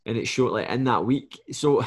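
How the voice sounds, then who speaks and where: A man's voice: medium pitch, animated, moderate pace. Male coach, podcast guest, casual and blunt, swears, mimics clients mid-sentence. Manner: blunt and swears freely, acts out clients' lines.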